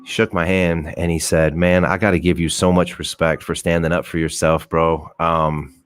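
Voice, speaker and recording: A man's voice: deep voice, little pitch movement, normal speed, smooth, dry recording, studio quality. A young man hosting a live show, telling a profane dating story with acted-out quotes. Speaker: host. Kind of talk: casual storytelling to a live audience.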